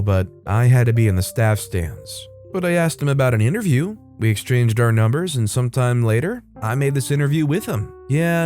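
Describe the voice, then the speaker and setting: A man narrating stories and commenting on them in a plain, matter-of-fact way. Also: medium pitch. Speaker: story narrator. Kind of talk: reading stories aloud. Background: soft music.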